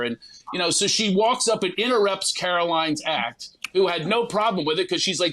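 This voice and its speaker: High bright-voiced man telling a comic story. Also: lively intonation, brisk. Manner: acts out others in quoted voices, profane. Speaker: guest comedian. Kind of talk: animated comedic storytelling.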